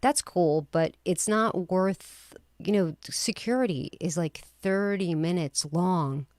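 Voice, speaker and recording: A woman's voice: on the low side, slow pace, darkish tone, no room sound. A woman chatting casually as a guest, talkative and opinionated. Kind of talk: casual chat.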